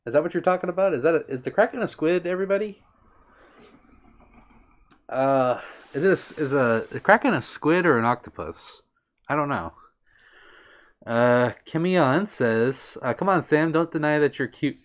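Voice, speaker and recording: A man's voice: a little high, lively intonation, moderate pace, long pauses. Giggly, bashful man streamer. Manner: playful, giggly, bashful about compliments. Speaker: livestream host. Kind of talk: casual chat reading out viewer comments.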